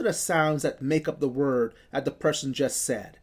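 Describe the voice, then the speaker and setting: A woman teaching a children's phonics lesson, sounding out letters slowly and praising often. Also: low voice, lively intonation, husky. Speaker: reading teacher.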